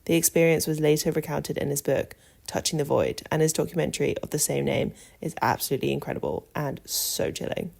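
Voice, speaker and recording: A woman hosts a podcast in a low voice with plenty of vocal fry. She reads a script in a calm, measured way and adds short personal asides. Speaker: podcast host.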